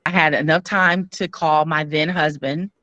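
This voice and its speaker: Woman guest, bright and clear, dry close sound, earnest storyteller. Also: sits low, steady tone, dry recording. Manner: earnest, frank, many "um" pauses. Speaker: guest telling her story. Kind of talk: candid personal storytelling.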